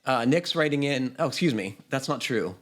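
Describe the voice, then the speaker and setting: A man's voice: medium pitch, animated, normal speed. A man hosting a home-building podcast, chatting easily, laughing often and reading a listener's email aloud. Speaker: podcast host.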